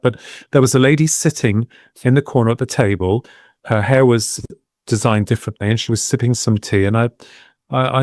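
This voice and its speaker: A man, a guest on a talk podcast, telling a personal story in a reflective, meandering way with pauses and restarts. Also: lowish voice, darkish tone, no echo, clean studio sound. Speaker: guest, medium and UFO researcher. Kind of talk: casual podcast interview storytelling.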